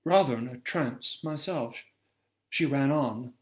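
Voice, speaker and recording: Heard over a video call from home, a man reads his own novel aloud. His medium-pitched voice carries measured first-person storytelling.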